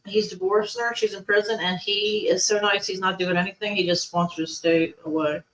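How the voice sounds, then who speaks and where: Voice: medium pitch, little pitch movement, a little fast, fairly bright tone, a little hiss or hum, low-quality recording. A co-host of a paranormal talk show, chatting casually and gossiping, often breaking off mid-thought. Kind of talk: casual chat.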